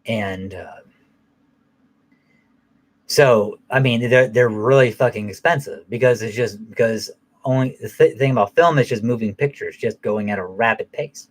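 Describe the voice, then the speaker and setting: A man's voice: medium pitch, moderate pace. A man giving a casual spoken movie review, rambling and swearing heavily, with lots of restarts.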